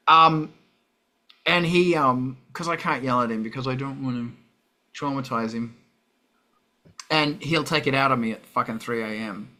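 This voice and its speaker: A man's voice: mid-range voice, moderate pace, long pauses, bright, forceful tone. A man with an Australian accent hosting a casual live stream, rambling and swearing often. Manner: rambling, profane, sidetracked. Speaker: livestream host.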